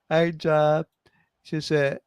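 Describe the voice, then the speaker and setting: A man's voice: a little high, little pitch movement, extremely slow, a little mellow, clean tone, dry recording. An older man hosting a casual radio chat, joking and laughing often. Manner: chatty, laughs often, jokey asides. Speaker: host.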